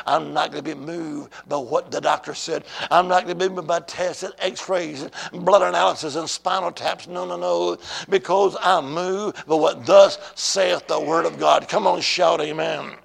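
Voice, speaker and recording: A male preacher with a high voice and a heavy gravelly rasp delivers a sermon to a congregation. He tells his story dramatically and keeps calling on the church to answer him. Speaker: pastor.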